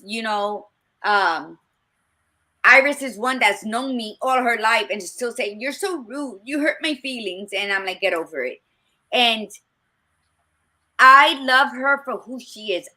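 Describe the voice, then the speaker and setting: A woman's voice: mid-range voice, bright, forceful tone. A woman co-hosting a casual talk podcast, telling personal stories in a candid, blunt and emphatic way. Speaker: podcast co-host. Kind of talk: casual chat.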